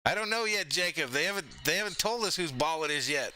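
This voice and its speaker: A man calling a football game play-by-play on a live fan stream, excitable and joking as he reads chat messages aloud. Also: a little high, fast, dry recording, soft background music, poor audio. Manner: excitable, jokey, hyping plays. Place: home streaming setup.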